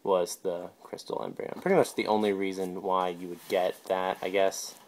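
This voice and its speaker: A man casually opening a pack of trading cards on camera, calling out each card name in quick, offhand bursts. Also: low voice, level tone. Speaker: video host.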